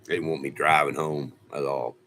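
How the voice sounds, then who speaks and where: A man's voice: extremely low pitch, steady tone, moderate pace, sharp tone, a little hiss or hum. A man telling a rambling, folksy story on a casual livestream, laughing often. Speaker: livestream host. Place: off-grid home.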